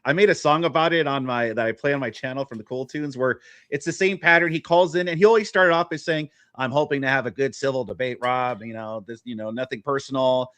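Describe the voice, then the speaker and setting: A man's voice: mid-range voice, fast, few pauses, fairly bright tone, no room sound. A man appearing as a guest on a live stream, easygoing and agreeable, laughing often as he chats. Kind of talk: casual livestream chat.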